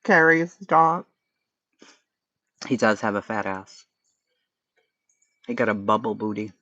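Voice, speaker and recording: A man's voice: fairly low pitch, expressive, slow pace, sharp tone, dry recording, dull audio. A man with a Boston accent hosting a casual livestream chat, blunt and profane, answering his chat. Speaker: livestream host.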